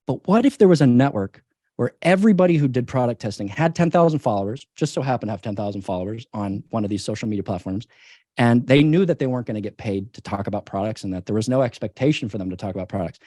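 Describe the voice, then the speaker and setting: A man's voice: medium pitch, very animated, fast, dark tone, dry recording. Ceo guy in an interview, punchy and persuasive, hammers points home, dry close mic. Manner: emphatic, persuasive, repeats key points. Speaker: company CEO, interview guest. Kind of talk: business interview answers.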